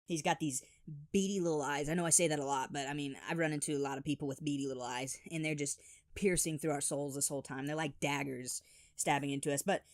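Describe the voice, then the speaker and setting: A man telling funny childhood stories in an animated, exaggerated voice-over. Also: fairly high pitch, quick pace, no room sound, studio quality. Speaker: storyteller. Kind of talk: animated comedic storytelling.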